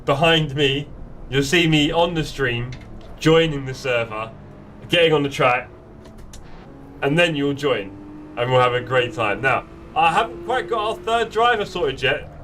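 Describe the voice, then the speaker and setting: A man's voice: fairly high pitch, animated, measured pace, fairly bright tone, distant mic, a little hiss or hum. A man chatting playfully with friends while live-streaming a sim racing game. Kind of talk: live gameplay chat. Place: home sim racing setup.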